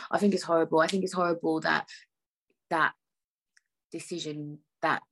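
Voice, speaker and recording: A woman's voice: deep voice, husky. A young woman hosting a solo podcast, talking frankly and with exasperation, swearing freely and leaning on fillers like "like" and "I don't know". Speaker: podcast host.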